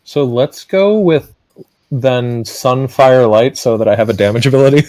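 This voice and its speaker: A man's voice: medium pitch, moderate pace, a little mellow, poor audio. A man playing a tabletop game, asking questions and thinking aloud about his character. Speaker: player. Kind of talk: casual chat at the game table.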